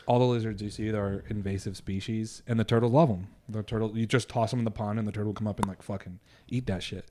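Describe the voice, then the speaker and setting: A man's voice: fairly low pitch, a little mellow. A man co-hosting a podcast, telling childhood stories in a rambling, profane way, laughing and acting out quotes. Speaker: podcast co-host. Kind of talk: casual storytelling chat.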